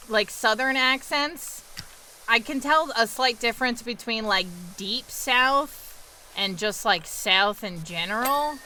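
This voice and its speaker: Woman, young, New York accent, game streamer, casual chat with viewers, bright voice, faint background noise. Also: on the high side, slow pace, rough recording. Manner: chatty, answers viewers' questions. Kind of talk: casual chat with live chat while gaming.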